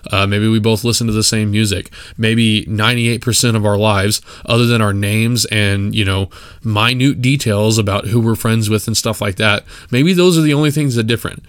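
Clear and resonant, this lowish male voice moves at a normal pace with fairly even intonation, recorded at studio quality with no echo. It belongs to a West Texas podcast host delivering a blunt, casual solo monologue full of fillers and restarts.

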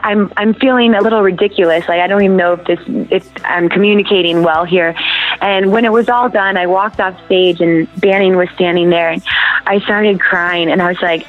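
A woman in her thirties tells a personal story in a casual interview, earnest and animated, voicing others' words in a higher tone. Her voice sits at a medium pitch. The recording sounds slightly dull, with faint music underneath. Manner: earnest, animated, acts out quotes in high voices. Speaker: worship leader and singer.

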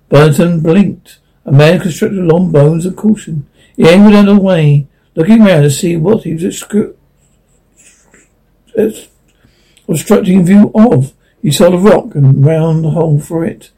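Gravelly, husky man reading a story. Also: fairly high pitch, unhurried, dark tone, low-quality recording. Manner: unpolished reading with frequent stumbles and self-corrections. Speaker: narrator. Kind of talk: audiobook reading.

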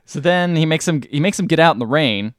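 A man's voice: fairly high pitch, lively intonation, quick pace, fairly bright tone, dry recording, clean studio sound. A man on a podcast casually recapping a film, acting out the characters' lines as he goes. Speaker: podcast host.

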